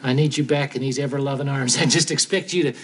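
A man's voice: mid-range voice, steady tone, fast talker, fairly bright tone, husky. An actor playing a folksy man tenderly coaxing an injured partner in a 1970s TV soap.

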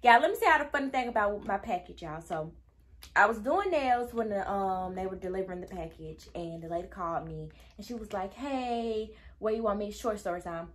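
A woman's voice: mid-range voice, lively intonation, brisk. A young woman telling a casual storytime to her viewers, chatty and easily sidetracked, acting out quoted dialogue. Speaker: vlogger.

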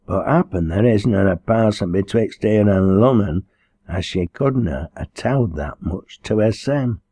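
A stubborn young pit girl speaks plainly in a broad Lancashire dialect, read by a man in his own low voice. Her words are level and reproachful, never raised. The audiobook sound is close and dry. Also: measured pace, no echo. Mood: stern. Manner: blunt, steady, reproachful.

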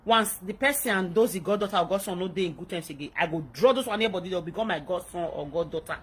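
A woman's voice: on the low side, very fast, breathy edge. A woman with a Nigerian accent in a played clip, talking in a rambling, hesitant way. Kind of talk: confessional clip.

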